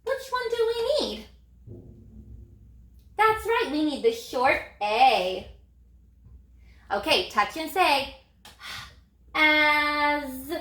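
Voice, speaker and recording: A woman teaching young children a phonics lesson in a slow, sing-song teacher voice with lively prompts. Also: fairly high pitch, roomy sound. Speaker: elementary reading teacher.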